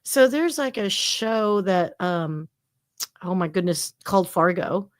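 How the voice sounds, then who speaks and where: A woman's voice: mid-range voice, takes it slowly. Chatty woman around forty. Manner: chatty, animated, lots of fillers and laughs. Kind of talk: casual chat on a livestream.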